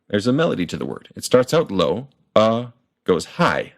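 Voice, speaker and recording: A man explaining pronunciation in a clear, methodical lesson and sounding out example words. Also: on the low side, sing-song, a little fast. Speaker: language teacher.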